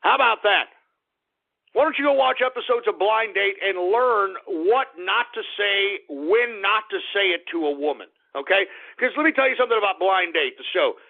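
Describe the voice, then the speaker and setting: A man's voice: sits high, animated, moderate pace, creaky. A middle-aged man hosting a talk radio show, ranting in a blunt, crude, opinionated way. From Texas. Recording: tinny phone-like radio audio.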